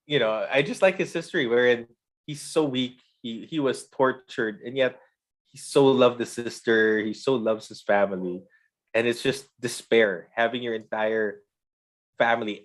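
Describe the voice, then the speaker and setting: A man co-hosting a podcast, talking earnestly in casual chat about a show he likes. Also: medium pitch. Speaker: podcast co-host. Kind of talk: casual chat reviewing shows.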